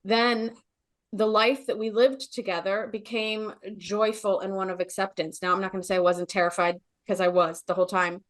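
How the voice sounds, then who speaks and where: A middle-aged woman speaks as a guest, telling a deeply personal story. Her voice sits at a middle pitch, and her delivery is earnest and emotional, full of restarts and little fillers like "you know" as she searches for words.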